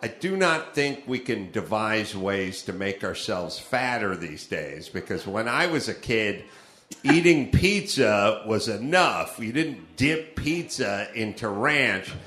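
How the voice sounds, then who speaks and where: Man riffing live on a club stage, bright lively voice, roomy sound. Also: fairly low pitch, takes it slowly. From Los Angeles. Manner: animated, swearing, acting out quoted people. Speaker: podcast host. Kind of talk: comedic riffing monologue.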